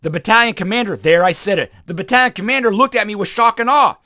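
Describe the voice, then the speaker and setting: A man hosting a motivational talk show, telling Army stories in a punchy, emphatic way with sudden loud bursts, often repeating phrases for emphasis. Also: high-pitched, fast, no room sound, studio quality. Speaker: podcast host and former Army sniper. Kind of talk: motivational storytelling monologue.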